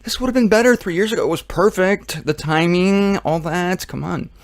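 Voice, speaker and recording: A man putting on an excited high-voiced Jesus. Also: normal speed, no room sound. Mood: excited indignant. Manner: high, exclaiming, mock-aggrieved. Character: excited grown male Jesus, eager and indignant.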